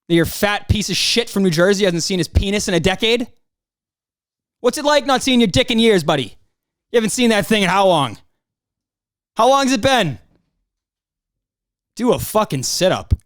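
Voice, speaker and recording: A man's voice: high voice, dry recording, studio quality. Profane, heated young man ranting. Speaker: podcast host. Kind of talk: angry solo podcast rant.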